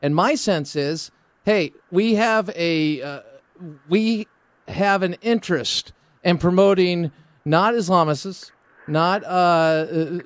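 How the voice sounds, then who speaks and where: A male radio talk show host who interviews a guest with brisk, announcer-like questions. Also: high voice, clear, resonant tone, no room sound. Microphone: studio microphone.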